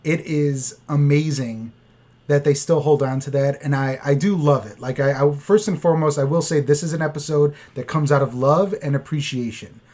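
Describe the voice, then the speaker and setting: A man's voice: fairly high pitch, normal speed, a little mellow. A man co-hosting a podcast from a bedroom, chatting casually and joking. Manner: joking, laughs often. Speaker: podcast co-host. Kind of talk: casual chat. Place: child's bedroom.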